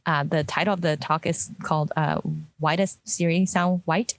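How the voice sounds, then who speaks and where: A product designer with a deep voice chats casually in a discussion, her speech full of fillers and restarts. Her intonation stays fairly even, her pace is moderate, and there's no room sound.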